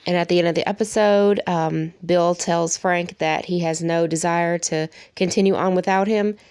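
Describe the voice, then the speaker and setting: A woman's voice: fairly low pitch, fairly even intonation, moderate pace, a little mellow, clear, resonant tone, dry recording. A woman giving a casual spoken review of a TV show, chatty and emotional, with frequent laughs.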